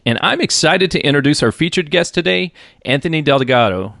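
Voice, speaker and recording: Chatty podcast host man, slightly gravelly. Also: a little high, animated, brisk, no echo, faint music behind. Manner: chatty, laughs often, shifts into a soft radio voice. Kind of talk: casual podcast chat.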